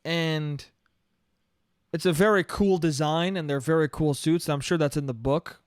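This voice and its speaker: A man riffs alone on his own comedy podcast. He has a smooth, clear voice that sits a little high, and the sound is dry and close. He rambles, swears freely and laughs at his own jokes. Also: fairly even intonation, moderate pace, no room sound. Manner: rambling, profane, laughs often. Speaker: podcast host. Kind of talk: solo comedic monologue.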